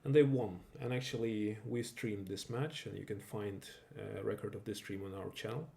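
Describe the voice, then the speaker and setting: A man whose first language is not English commentating a live stream match, halting and correcting himself as he goes. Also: lowish voice, creaky, dark tone. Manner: halting, self-correcting, with fillers.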